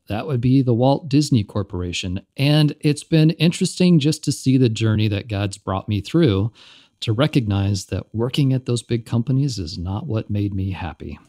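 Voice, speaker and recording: A man's voice: medium pitch, a little mellow, no echo. A man with a Southern US accent, a podcast guest, tells his story in an upbeat, chatty way and laughs easily. His voice sits in a middle register. The sound is close and dry. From Kentucky and Texas. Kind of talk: casual podcast interview.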